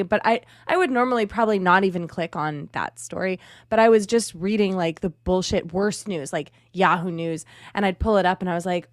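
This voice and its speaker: A woman's voice: lowish voice, a little fast, few pauses, no room sound, studio quality. A woman co-hosting a casual podcast, frank and chatty, with casual swearing.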